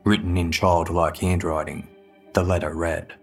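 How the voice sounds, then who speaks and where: A man narrating a true-crime story in a measured, grave, scripted manner. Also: low-pitched, steady tone, husky, faint music behind.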